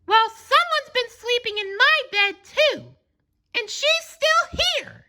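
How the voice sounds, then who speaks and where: A man voicing a small young boy bear cub in a storybook, exclaiming in a squeaky, whiny voice. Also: lively intonation, slow pace, noisy background, full character voice. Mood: upset.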